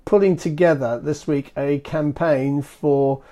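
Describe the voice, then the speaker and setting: A man's voice: fairly high pitch, steady tone, slow, dark tone. A man hosts a casual live stream, talking into his phone. He rambles in an easygoing way, fills gaps with ums, and restarts his sentences often. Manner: rambling and chatty, full of fillers and restarts. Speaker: marketing agency host of a live stream.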